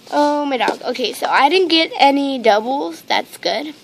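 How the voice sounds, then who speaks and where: A woman's voice: high-pitched, animated, normal speed, hardly any pauses, background noise. A woman unboxing toys on camera at home, rambling and gushing with lots of ums and repeated exclamations, into a handheld camera mic. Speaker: toy unboxing vlogger. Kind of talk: casual unboxing chat to camera.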